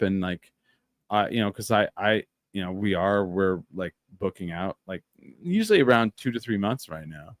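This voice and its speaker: A man's voice: fairly low pitch, expressive, moderate pace, no echo, clean studio sound. A man hosting a podcast in casual chat, telling stories with animation and acting out quoted lines. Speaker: podcast host.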